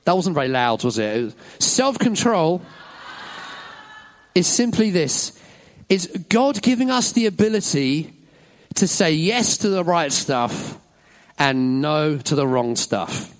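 A man's voice: a little high, expressive, slow. A man leading a children's talk in a church service, upbeat and encouraging, praising every answer. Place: church hall with an audience.

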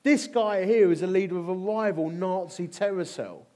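This is a sermon built around storytelling, given by a middle-aged man from England. He speaks at a moderate pace in a voice that sits high, staying animated and humorous and repeating himself for emphasis.

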